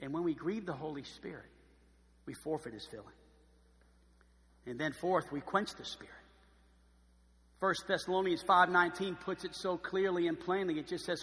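A man preaching a sermon as pastor, emphatic and swinging from quiet, slow stress to loud emphasis. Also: a little high, big-room sound.

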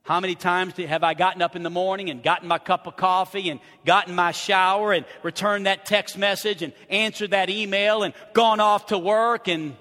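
Middle-aged man, pastor, sermon, high voice, bright tone, long hall reverb, soft asides and shouted peaks. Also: steady tone, moderate pace, few pauses.

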